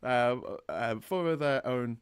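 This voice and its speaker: A man's voice: medium pitch, slow, clear, resonant tone. A man co-hosting a casual live-stream chat, joking, laughing often and reading out viewer messages. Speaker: co-host reading viewer comments.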